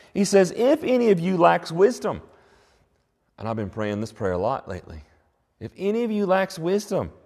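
A man giving an earnest, reflective sermon, his voice sitting a little higher than most men's. He often circles back and restarts his thoughts. The sound carries a long hall reverb. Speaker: pastor.

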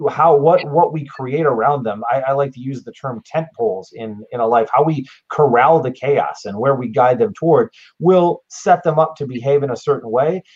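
A man's voice: mid-range voice, normal speed, hardly any pauses, darkish tone, husky. Earnest man on a lo-fi recording. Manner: earnest, reflective, makes numbered points. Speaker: guest. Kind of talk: casual podcast conversation.

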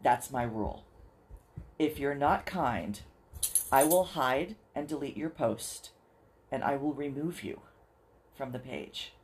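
A podcast host talking straight to listeners in an earnest, encouraging way, slowing down to spell things out. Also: medium pitch, animated, slight background noise. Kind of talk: solo podcast talk to listeners.

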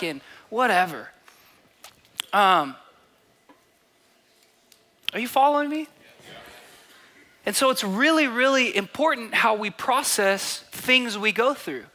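A man's voice: high-pitched, pushed and bright. A young man preaching a sermon, reading scripture aloud and acting out quoted voices, repeating phrases for emphasis. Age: 20s to 30s. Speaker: pastor.

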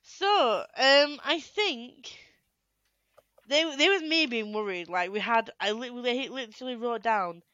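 A young woman co-hosts a casual podcast on a headset mic, giggling often and talking in quick bursts that she keeps restarting. Her voice is on the high side, expressive and sharp, with no room sound and a lo-fi quality.

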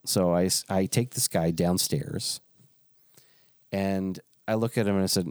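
A man's voice: low-pitched, steady tone, a little slow, darkish tone, dry recording, studio quality. A man who is a pastor, telling a story in casual chat with restarts and frequent chuckles.

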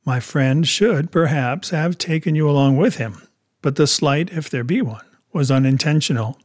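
A man voicing a calm, reasoning doctor in an audiobook, speaking in a measured way. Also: a little high, no echo, close to an everyday voice. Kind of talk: audiobook character reading.

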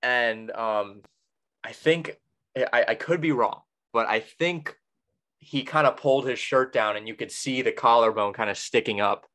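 A man's voice: medium pitch, a little slow, pushed and bright. A young man hosting a podcast, chatting casually and telling a rambling story full of restarts and self-corrections. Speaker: podcast host.

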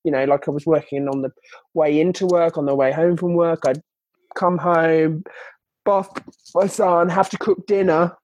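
A woman's voice: deep voice, fairly even intonation, moderate pace, darkish tone, no echo. Chatty woman, dry close sound. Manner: chatty, many "like" and "you know" fillers. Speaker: guest, children's book author. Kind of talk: candid podcast interview.

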